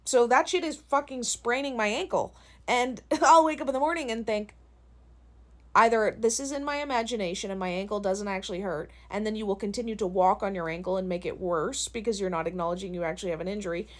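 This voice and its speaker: Venting into a phone for a casual vlog, a young woman content creator tells stories full of swearing and laughter in a profane, animated way. Her voice is mid-range, and she talks fast.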